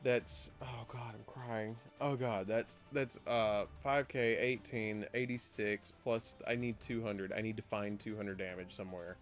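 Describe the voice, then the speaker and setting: A man streaming a card game live, chatting excitedly to his viewers, laughing often and muttering through his plays. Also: lowish voice, a little slow, few pauses, faint music behind. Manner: excitable, laughs a lot, talks to chat.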